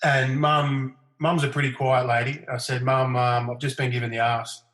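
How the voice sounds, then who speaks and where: A man's voice: medium pitch, normal speed. A middle-aged Australian man telling stories in casual chat, acting out other people's lines in livelier raised voices. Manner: animated anecdotes, acting out quotes in raised voices. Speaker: podcast guest. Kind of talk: casual storytelling. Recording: roomy echo.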